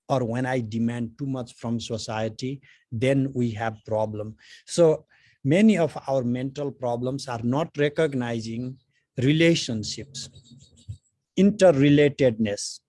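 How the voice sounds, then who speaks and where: A man's voice: medium pitch, a little mellow, dry recording. A middle-aged man, a spiritual teacher, giving a conversational philosophy lecture full of anecdotes and "you know" fillers.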